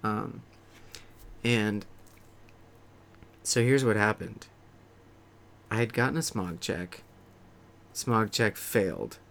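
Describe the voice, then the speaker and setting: A man's voice: lowish voice, takes it slowly, creaky, long pauses, fairly bright tone. A young man casually telling a profane, self-mocking story to camera. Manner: profane, self-mocking, rambling anecdote with acted-out quotes. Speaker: vlogger.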